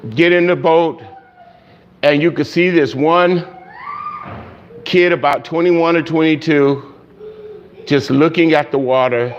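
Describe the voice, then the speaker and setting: A man preaching a sermon, telling a story and acting out the voices of its people, growing loud and high at its peaks. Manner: storytelling, acts out quoted voices, rising loud and high at climaxes. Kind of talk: sermon illustration. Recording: dull lo-fi sound.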